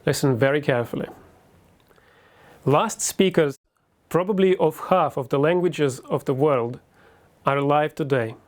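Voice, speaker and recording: A man's voice: fairly high pitch, unhurried, pauses often. A man who is a native Russian speaker, reading a passage in English with a Russian accent and articulating each word very carefully. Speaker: university lecturer.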